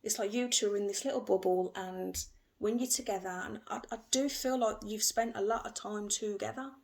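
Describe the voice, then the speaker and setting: A woman giving an emotional, gentle tarot reading, repeating herself often. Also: medium pitch, a little fast. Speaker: tarot reader.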